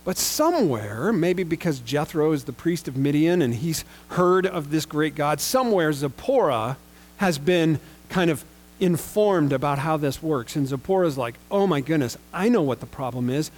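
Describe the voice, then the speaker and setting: A male preacher delivers a sermon in a relaxed, conversational manner, slipping into slangy paraphrases of the characters. His voice sits a little higher than most men's. He also reads longer scripture passages aloud. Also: normal speed. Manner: casual, conversational retelling with slangy paraphrased quotes.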